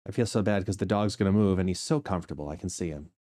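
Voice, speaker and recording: On a live game stream, a drowsy, chatty man says hello to viewers and occasionally bursts into goofy little songs. He has a low, mellow voice and talks fast.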